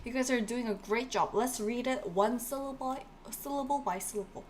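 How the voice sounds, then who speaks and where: Woman teacher, fairly high voice, cheerful drills and repetition, live class. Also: moderate pace, slight background noise. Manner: encouraging, repeats words for drilling; laughs often, playful asides. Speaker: language teacher. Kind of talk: live-streamed online class.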